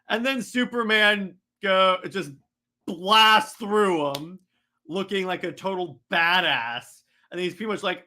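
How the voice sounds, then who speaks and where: Excitable man rambling about comics. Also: fairly high pitch, measured pace. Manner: excitable, rambling, many fillers and restarts. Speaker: comic reader. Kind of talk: casual comic recap.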